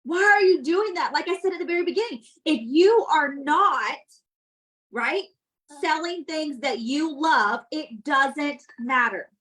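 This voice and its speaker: Woman, high voice, sales coach, blunt, scolding, motivational, direct. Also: expressive, measured pace, a bit bright, rough recording. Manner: chatty and direct with listeners. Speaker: sales team leader.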